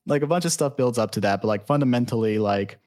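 A man in casual podcast chat, retelling a cartoon plot in a rambling, profane, animated way. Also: medium pitch, fast, no room sound. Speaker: podcast guest.

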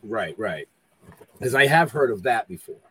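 A man's voice: medium pitch, animated, normal speed, fairly bright tone, slightly rough, no echo, rough recording. A man hosting a podcast, chatting casually and giving short easygoing replies. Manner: easygoing, brief agreeing replies. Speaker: podcast host. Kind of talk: casual chat.

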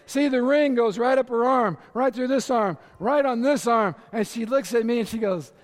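A man preaching a lively, storytelling sermon and talking straight to his congregation in a large church. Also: very high-pitched, normal speed. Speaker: pastor. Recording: long reverb of a large hall.

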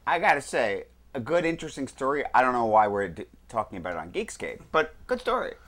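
A man's voice: medium pitch, fast talker, a bit bright. A man co-hosting a podcast, talking enthusiastically and filling his speech with "you know" in casual chat. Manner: enthusiastic, filler-heavy, lots of "you know". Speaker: guest co-host.

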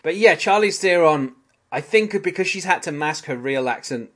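This British podcast host has a fairly high, expressive voice and keeps a moderate pace. In a casual chat, he works his way through a sitcom episode, analyzing it in a rambling style full of fillers.

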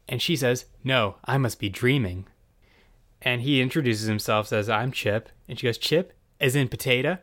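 Man, wry and chatty, mid-pitched voice, casual recap, quick asides. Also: fairly bright tone. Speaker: podcast host recapping a TV episode.

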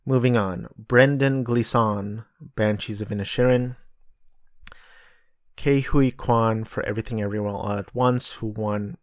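A man's voice: fairly low pitch, fairly even intonation, measured pace, no echo, studio quality. A man chatting casually and bluntly, thinking aloud and running through a list of nominees. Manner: blunt, offhand, swears. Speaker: host. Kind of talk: casual chat.

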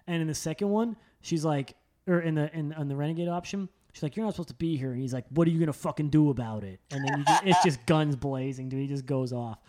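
A young man chatting casually and excitedly, rambling with lots of filler words and swearing. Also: on the high side, fast, hardly any pauses. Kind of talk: casual chat.

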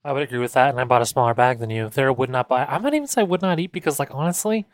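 A woman co-hosting a podcast, chatting casually with a wry edge and quick to push back. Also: rumbling low, animated, no echo, clean studio sound. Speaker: podcast co-host. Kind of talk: casual comedic chat.

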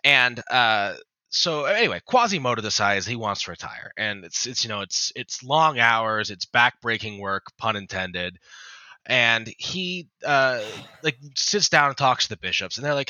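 Joke-telling man with a bright, tense voice. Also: medium pitch, lively intonation, normal speed, dry recording, highs cut off. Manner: rambling storyteller with many restarts and swearing. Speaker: podcast co-host. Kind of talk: casual joke-telling chat.

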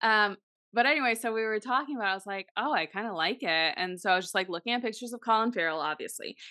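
A young woman co-hosts a casual podcast chat, telling frank and crude stories. Her voice is bright and a little forceful. The sound is close and dry. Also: on the high side, very fast, dry recording. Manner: candid, crude storytelling with laughs. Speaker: podcast co-host.

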